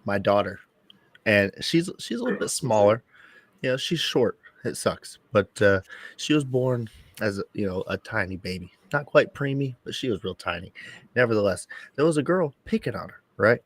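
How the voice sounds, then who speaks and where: A man tells a story in a fired-up, profane, blunt way. His voice sits a little low and the recording is dry and close, with no room sound. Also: normal speed, no echo. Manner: blunt, profane, animated retelling. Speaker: podcast co-host and father. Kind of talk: casual chat, storytelling.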